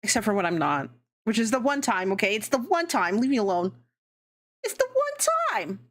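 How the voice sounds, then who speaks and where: A woman streamer in casual live-stream chat, rambling, swearing and laughing often, her pitch jumping around.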